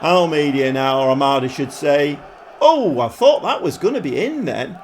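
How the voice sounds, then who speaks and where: A man calls the action of his football management game in the chatty manner of a match pundit. His voice sits a little high for a man and keeps a light, eager energy. A faint hiss runs under the recording. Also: moderate pace. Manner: commentates like a football pundit, with sudden excited outbursts. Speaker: gaming YouTuber. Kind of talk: excitable game commentary.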